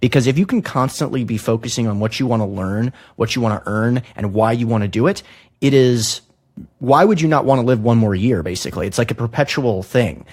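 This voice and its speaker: A man hosting a podcast, talking in a relaxed, conversational, joking way. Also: medium pitch, fairly quick. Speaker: podcast host. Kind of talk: casual interview talk.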